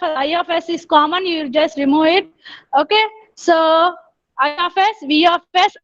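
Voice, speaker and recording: Woman lecturer, very high voice, talks through steps with frequent "okay"s, recorded dry and close. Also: a bit bright, no echo, muffled recording. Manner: explains step by step, repeats with frequent "okay". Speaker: engineering lecturer. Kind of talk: online lecture.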